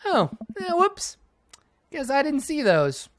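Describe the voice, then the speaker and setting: Man voicing a high, offhand teen daughter, sulky, for a game read-through. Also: huge pitch swings, takes it slowly, a bit bright, slight background noise, heavily acted. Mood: dismissive. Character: teenage girl, sulky and dismissive daughter.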